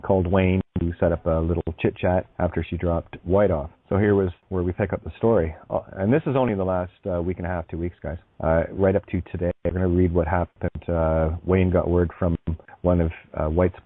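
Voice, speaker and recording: A man's voice: low-pitched, steady tone, brisk, no room sound. A man telling a long story in a meandering way, with many fillers and restarts. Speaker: online speaker. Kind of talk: rambling spoken storytelling. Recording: dry, tinny phone-like sound.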